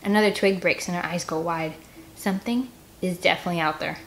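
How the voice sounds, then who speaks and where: A woman reading a children's novel aloud in first person, gentle and expressive. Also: on the low side, fast. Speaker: audiobook reader. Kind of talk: first-person storybook narration.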